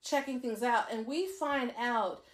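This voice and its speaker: A woman co-hosting a casual drama recap, telling the story in an animated way and slipping into quoted voices. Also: on the high side, unhurried, reverberant. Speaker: podcast co-host.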